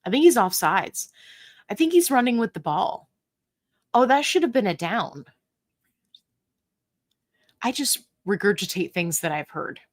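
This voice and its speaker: A woman's voice: medium pitch, big pitch swings, measured pace, pauses often, dry recording, clean studio sound. Chatty, playful woman hosting a livestream. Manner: chatty, playful and self-mocking, laughs often. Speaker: livestream host. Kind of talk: casual live Q&A, reading chat comments.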